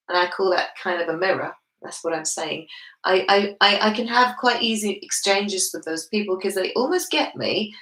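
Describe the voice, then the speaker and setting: A woman's voice: medium pitch, fairly bright tone, reverberant, poor audio. A woman with a confident manner, explaining at length in a casual book club chat.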